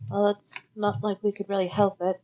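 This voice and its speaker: A woman's voice: medium pitch, flat delivery, normal speed, dark tone, poor audio. Female player, wry character talk at a tabletop game.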